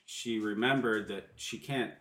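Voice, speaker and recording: A man's voice: lowish voice, unhurried, a bit bright. A man co-hosting a podcast, chatting casually and telling stories with a lot of energy. When he gets riled up, his voice jumps up. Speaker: podcast co-host. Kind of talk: casual chat. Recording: roomy echo.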